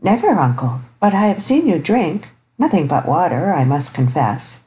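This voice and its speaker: A woman reading the part of an eager, warm-hearted young niece in an audiobook, with a raised, pleading tone. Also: lowish voice, very animated, normal speed, rough recording.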